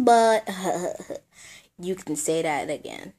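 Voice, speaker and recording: A woman's voice: mid-range voice, very animated, slow, a little mellow. A woman playing out a doll scene, switching between playful character voices.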